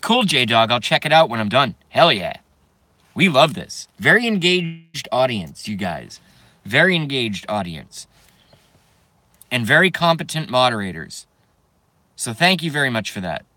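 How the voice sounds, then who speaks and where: Male streamer, rambling profane rant to chat, nervous giggler, forceful bright voice, dry close sound. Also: mid-range voice, very animated, normal speed, dry recording. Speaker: YouTube streamer.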